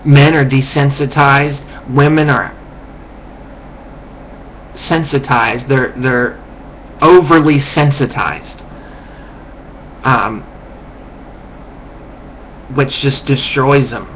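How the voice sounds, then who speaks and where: Slow-talking, rambling man ranting. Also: medium pitch, a bit bright. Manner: rambling and contemptuous, with many restarts and profanity. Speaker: vlogger. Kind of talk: ranting monologue. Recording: dull lo-fi recording with faint hiss.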